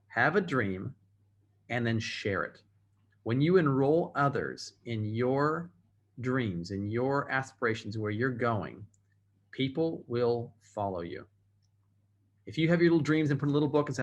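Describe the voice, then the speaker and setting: A man's voice: medium pitch, expressive, moderate pace. A man giving a motivational training talk over a video call, emphatic and repeating phrases for effect. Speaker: motivational speaker.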